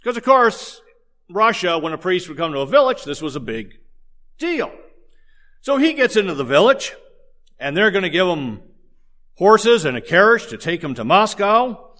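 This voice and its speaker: Man preaching, lively storyteller, jokes with the congregation, a bit high-pitched. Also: moderate pace, pauses often. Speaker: pastor. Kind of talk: sermon.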